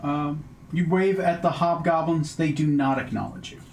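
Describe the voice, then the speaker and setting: A man narrating a tabletop game as game master, halting and full of filler sounds. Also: fairly high pitch. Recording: echoey room, faint background noise.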